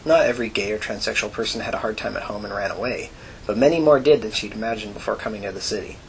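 A man reading a gritty novel aloud in a plain, even storytelling manner. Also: on the low side, fast talker, gravelly, slight background noise, poor audio. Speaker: audiobook narrator. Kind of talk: scripted narration.

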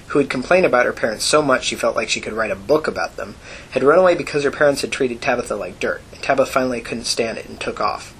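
A man reading a gritty novel aloud in a plain, even storytelling manner. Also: medium pitch, a little hiss or hum, rough recording. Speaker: audiobook narrator. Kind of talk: scripted narration.

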